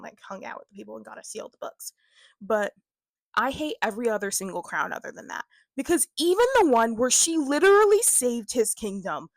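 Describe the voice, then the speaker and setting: A woman's voice: a little high, dry recording, clean studio sound. A young woman giving a casual book review as a vlogger, chatty and filler-heavy, often breaking into laughs.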